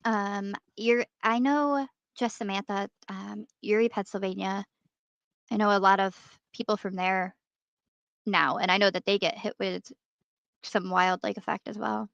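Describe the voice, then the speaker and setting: A woman from New York in a casual chat, talking in an animated, chatty way. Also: mid-range voice, measured pace, vocal fry, no echo. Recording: dry dull lo-fi audio.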